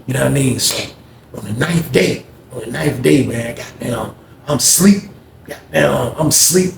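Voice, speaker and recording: A man casually telling a story in a slangy, animated way, recorded in an echoey room. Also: medium pitch, moderate pace, gravelly, background noise.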